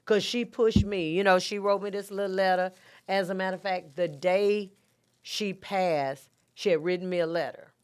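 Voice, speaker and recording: Smooth-voiced woman telling a story. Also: medium pitch, fairly even intonation, normal speed. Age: middle-aged. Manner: soft-spoken, reflective storytelling with many fillers. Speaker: podcast guest. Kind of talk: casual interview talk.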